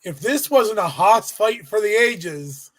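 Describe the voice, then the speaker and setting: Brief: male co-host with a high voice, animated and profane storyteller. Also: takes it slowly. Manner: animated storytelling, swears freely. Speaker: podcast co-host. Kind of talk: casual chat recapping a wrestling event.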